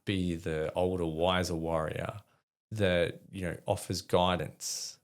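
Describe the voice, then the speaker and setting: A middle-aged Australian army veteran, a podcast guest, tells frank stories candidly and conversationally, rambling with many fillers. His voice is deep, with little pitch movement and a slow pace.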